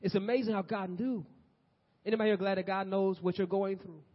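A man preaching a sermon, swinging from loud urgent exhortation to soft, near-whispered passages. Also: high voice, fairly even intonation, fairly quick. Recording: dull lo-fi audio.

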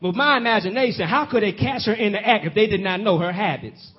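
A man's voice: high-pitched, fast, slightly rough. A man preaching a sermon, telling the story and stretching out key phrases, often asking the congregation questions. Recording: dull lo-fi audio.

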